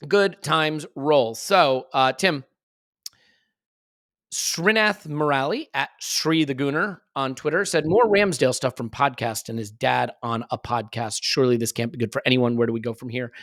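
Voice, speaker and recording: A man's voice: mid-range voice, moderate pace, fairly bright tone, no room sound, studio quality. A man hosting a casual podcast, reading questions and making jokey, wry asides. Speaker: podcast host. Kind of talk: casual podcast chat with ad reads.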